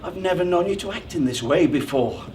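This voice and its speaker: A man's voice: sits high, lively intonation, fairly quick, a little mellow, slight background noise. An actor playing a pompous, controlling man in a theatrical monologue, smug, condescending and over-precise in how he talks. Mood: patronizing. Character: pompous, controlling, self-assured man proposing. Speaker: stage actor. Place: theatre stage.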